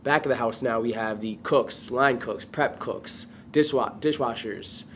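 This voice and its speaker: A man's voice: mid-range voice, measured pace, slight background noise. A man in casual chat, opinionated and explaining things in a matter-of-fact way.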